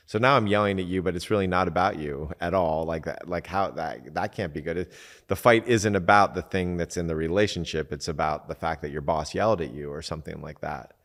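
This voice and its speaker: A man's voice: deep voice, fairly quick, a bit bright, long reverb tail. A man talking casually as a relationship coach, full of fillers and acting out quoted back-and-forth exchanges. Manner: conversational, acts out quoted exchanges, many fillers. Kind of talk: casual teaching talk.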